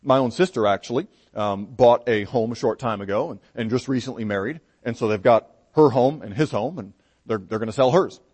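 A man preaching a sermon in a conversational, explaining way, often checking in with a quick "right?". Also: mid-range voice, darkish tone, slightly rough.

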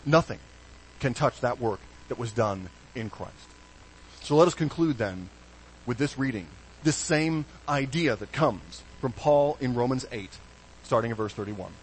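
A man preaching a sermon as pastor, animated, with hushed low stresses and sudden bright emphasis. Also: a little slow, a little hiss or hum, poor audio.

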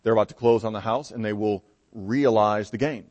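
A man's voice: fairly low pitch, steady tone, brisk, darkish tone. Man preaching a conversational sermon. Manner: conversational, explains with everyday examples, often asks "right?".

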